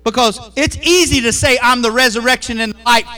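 A middle-aged man, preaching a sermon with animated questions to his congregation. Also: extremely high pitch, a little fast, faint music behind. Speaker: pastor.

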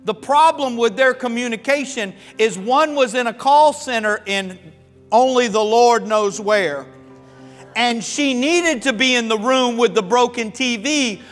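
A pastor from Florida and the American South preaching a sermon, telling stories in a folksy, humorous, animated way. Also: male voice, extremely high pitch. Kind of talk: sermon with storytelling. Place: church sanctuary. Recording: long hall reverb with faint music.

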